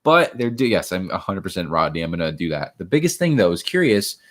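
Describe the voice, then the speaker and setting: Male, 20s, from Miami; low-ish voice, loose and chatty home-stream host. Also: very animated, brisk. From Miami, Florida. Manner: rambling, chatty, greets viewers by name. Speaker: host of a livestream. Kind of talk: casual livestream chat, reading viewer questions.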